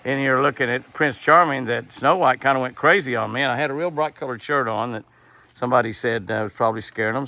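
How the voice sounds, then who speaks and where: A middle-aged man, rambling in a casual vlog from a deer pen, repeating himself and softly coaxing the animals. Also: lowish voice, gravelly. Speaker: deer rancher.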